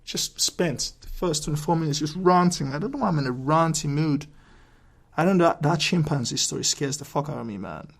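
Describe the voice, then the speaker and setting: Male podcast host with a raspy, fairly high voice, ranting off the cuff and swearing freely. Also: lively intonation, fairly quick. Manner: ranting, profane, rambling with restarts. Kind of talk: solo podcast rant.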